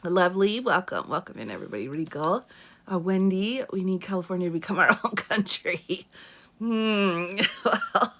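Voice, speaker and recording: A woman's voice: fairly low pitch, lively intonation, normal speed, fairly bright tone. A woman attorney hosting a live question-and-answer stream, chatting casually, greeting viewers by name and laughing often. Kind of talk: casual live-stream chat reading comments. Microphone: phone or webcam for a live stream.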